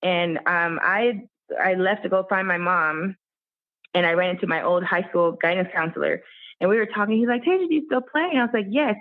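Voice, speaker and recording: A woman guest musician, telling her story in an interview with lively, animated delivery. She acts out the voices of the people in it. Her voice comes through a thin, tinny phone-like line. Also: medium pitch, a little fast. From Miami.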